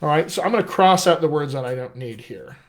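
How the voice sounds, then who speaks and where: A man who is a dialect coach giving an enthusiastic live acting lesson, talking straight to viewers and slowing down to read verse aloud. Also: fairly high pitch, animated. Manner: enthusiastic, direct, addresses viewers as friends. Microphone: webcam or laptop mic on a live stream.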